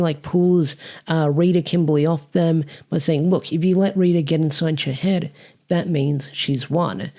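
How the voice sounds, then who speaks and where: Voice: medium pitch, warm tone. A reviewer with an Australian accent, talking through a story in a casual, rambling way with many fillers. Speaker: comic reviewer.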